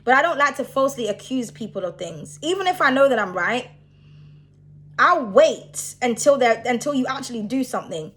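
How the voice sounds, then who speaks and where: A woman's voice: fairly high pitch, expressive, moderate pace, a bit bright. A young woman who reads tarot, ranting bluntly and with a lot of swearing in a casual vlog. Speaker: tarot reader.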